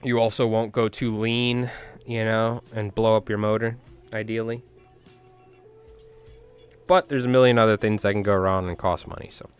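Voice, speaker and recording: A man's voice: lowish voice, fairly even intonation, normal speed, long pauses, smooth, faint music behind. A man hosting a fly tying live stream, chatting casually with viewers and rambling through anecdotes with frequent chuckles. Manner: rambling storyteller, chuckles often, talks to chat.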